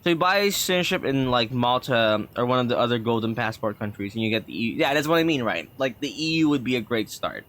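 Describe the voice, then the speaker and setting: Lively chatty male streamer. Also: mid-range voice, fast, few pauses. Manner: chatty, rambling, many fillers. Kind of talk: casual gameplay commentary.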